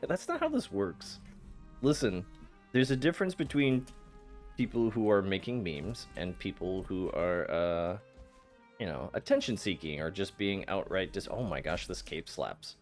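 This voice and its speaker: A man's voice: low voice, big pitch swings, unhurried, soft background music. A man streaming a game, chatting casually with his chat, playful and teasing, often laughing and stammering. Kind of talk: casual live-stream chat while gaming.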